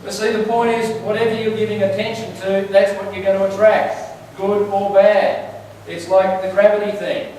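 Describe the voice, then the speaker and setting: A fairly high-voiced church speaker gives a conversational sermon at a moderate pace with hardly any pauses, telling stories chattily and firing questions at the congregation. The mic is far off in a large, very echoey hall with a faint hum of room noise.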